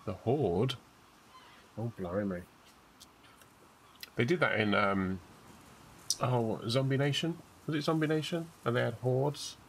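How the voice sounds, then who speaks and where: Gravelly British man playing a game. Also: lowish voice, slight background noise, rough recording. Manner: chatty, mutters to himself while playing. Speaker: gamer streamer. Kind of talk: let's play commentary, reading journal aloud.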